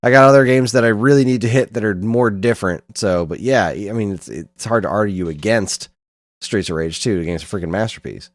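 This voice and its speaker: A man's voice: lowish voice, brisk, no echo. A man co-hosting a podcast, easygoing and joking, often restarting his sentences. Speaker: podcast co-host. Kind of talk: casual chat.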